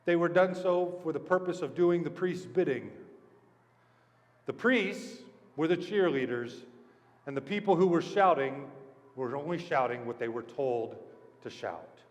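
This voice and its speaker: A male pastor preaching an animated storytelling sermon, asking the congregation questions. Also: on the high side, measured pace. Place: church sanctuary. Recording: echoey church hall.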